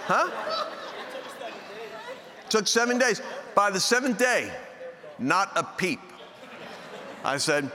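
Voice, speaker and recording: A man preaching through a personal story in a casual, animated way, acting out the dialogue with sudden high outbursts. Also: slow pace, pauses often, big-room sound, some chatter behind. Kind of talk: anecdotal sermon storytelling.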